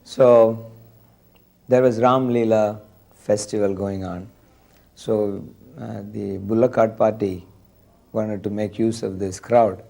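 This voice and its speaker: A man slowly recounting a memory in an interview, with deliberate pauses. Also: fairly low pitch, fairly even intonation, gravelly, dark tone. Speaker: devotee sharing memories. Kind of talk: slow storytelling interview.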